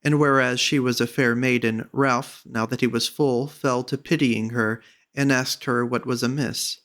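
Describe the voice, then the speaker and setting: A man with a mid-range voice narrates a classic storybook as an audiobook reader, keeping a measured, even delivery.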